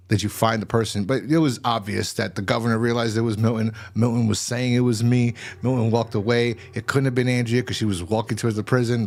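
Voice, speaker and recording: A man hosting a casual TV episode review, recapping the plot in a rambling way and often restarting his sentences. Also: on the low side. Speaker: show host reviewing TV episodes.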